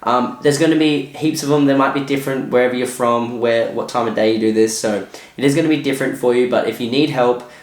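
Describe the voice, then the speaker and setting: A man's voice: medium pitch, steady tone, fast talker. A man hosting a casual tutorial, talking loosely with lots of filler phrases. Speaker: tutorial host. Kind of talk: casual screen-recorded tutorial. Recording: echoey room.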